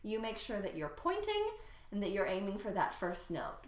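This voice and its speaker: A woman's voice: mid-range voice, huge pitch swings, normal speed. Encouraging woman singing teacher. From Ohio, United States. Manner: patient, encouraging, demonstrates on sung vowels. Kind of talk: vocal warm-up lesson. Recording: roomy sound with loud piano accompaniment.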